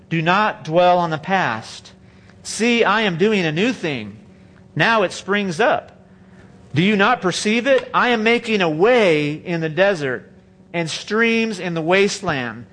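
A man's voice: high voice, expressive, measured pace, fairly bright tone. A man preaching a sermon, reading scripture and speaking emphatically in a conversational way. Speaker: pastor.

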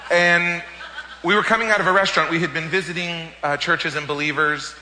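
Guy preaching, kinda high bright voice, echoey hall, tells his story all excited, stumbles over words. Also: brisk, slight background noise. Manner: animated, repeats words when excited. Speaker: pastor. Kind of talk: sermon testimony storytelling.

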